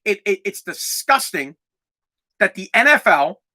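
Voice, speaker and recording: A man's voice: high-pitched, big pitch swings, unhurried, sharp tone. A young adult man hosting a podcast, ranting in a heated, profane way and repeating words when worked up. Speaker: podcast host. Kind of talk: casual ranting monologue.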